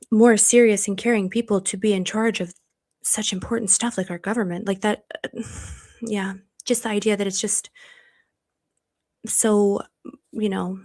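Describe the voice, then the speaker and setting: A woman with a mid-range voice hosts a live stream, chatting casually and reading viewer comments. She's bubbly and effusive, laughs often, and rambles with many restarts.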